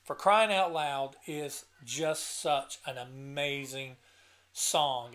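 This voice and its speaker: A man's voice: medium pitch, fairly even intonation, slow pace, a bit bright. A man hosting his own channel, talking casually and emotionally about his favorite songs, at times choked up, often restarting his sentences. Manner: enthusiastic and earnest. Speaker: channel host reviewing an album. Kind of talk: casual talk to camera.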